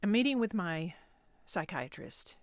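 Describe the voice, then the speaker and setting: A woman's voice: lowish voice, big pitch swings, unhurried, dry recording, clean studio sound. A woman in her fifties telling a personal story as a podcast host, candid and self-deprecating, rambling with restarts. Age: 50s.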